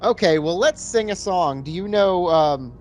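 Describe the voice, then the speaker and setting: A man with a slightly high voice co-hosts a casual podcast chat. He talks in a relaxed, rambling way, and soft music plays faintly behind him. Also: a little slow. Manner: laid-back, rambling description. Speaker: podcast co-host reviewing beer.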